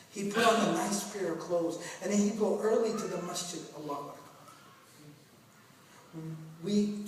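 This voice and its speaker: A man giving a mosque talk in a conversational, humorous way, asking the audience questions. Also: high-pitched. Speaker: preacher. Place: mosque hall. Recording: echoey hall from far off, faint noise.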